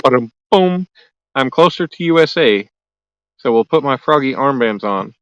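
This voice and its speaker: A man's voice: medium pitch, expressive, moderate pace, no echo, muffled recording. A man hosting a casual live stream outdoors by a lake at night, chatting easily and joking as he reads and answers viewer comments aloud. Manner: joking, easygoing. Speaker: livestream host.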